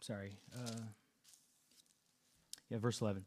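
A man's voice: on the low side, little pitch movement, unhurried, background noise. Earnest male preacher who restarts often. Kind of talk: sermon.

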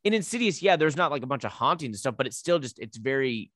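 A man casually recapping a horror movie plot as a podcast co-host, telling it with lively asides. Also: mid-range voice, quick pace, dry recording, clean studio sound.

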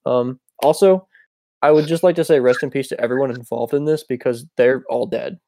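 A young man co-hosting a casual podcast, joking in a deadpan, sarcastic way. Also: mid-range voice, fairly quick. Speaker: podcast co-host. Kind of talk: casual chat.

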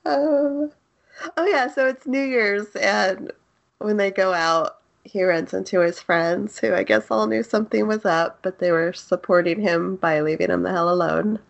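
Woman cohost on an anime podcast, slow unhurried talk, a bit of vocal fry, laughs a lot. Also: mid-range voice, dull audio. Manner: laughs often, recaps the plot with fillers. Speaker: podcast co-host. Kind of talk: casual chat.

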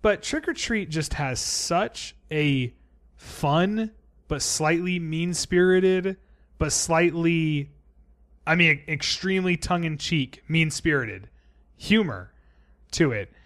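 Animated man chatting horror films. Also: on the high side, slow pace. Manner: animated, profane, opinionated film enthusiast. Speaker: podcast co-host. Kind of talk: casual chat.

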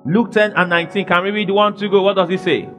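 A man preaching a sermon from Nigeria, animated, swinging from quiet asides to shouted declarations. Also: sits high, fast talker. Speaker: pastor. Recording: faint music behind.

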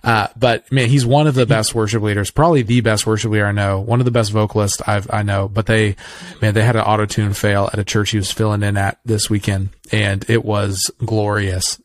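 Male podcast host, low-ish register, relaxed rambling talker, conversational. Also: fairly quick. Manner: chatty, rambling, self-correcting.

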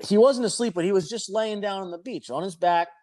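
A man's voice: high voice, fairly quick, darkish tone. A man telling a rambling, profane anecdote in a casual chat. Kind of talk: casual storytelling.

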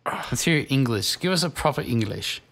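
A man hosting a radio show in casual chat, upbeat and giving shout-outs. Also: medium pitch, expressive, moderate pace, vocal fry.

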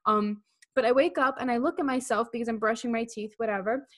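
A young woman with a somewhat high voice co-hosts a podcast in loose, casual chat. She keeps slipping into playful quoted voices as she acts out what people tell themselves. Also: quick pace. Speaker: podcast co-host.

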